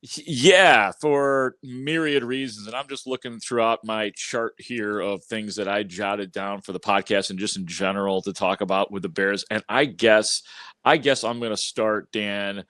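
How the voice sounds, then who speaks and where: A man's voice: on the low side, steady tone, measured pace, a bit bright, dry recording. Man recapping a football game. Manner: conversational, recapping plays with frequent restarts. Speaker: podcast co-host. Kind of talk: postgame sports talk.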